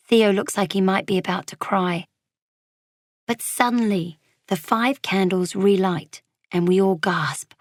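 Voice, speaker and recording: A woman's voice: mid-range voice, unhurried, no room sound, studio quality. Woman reading a children's story. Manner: gentle, expressive child's-eye narration.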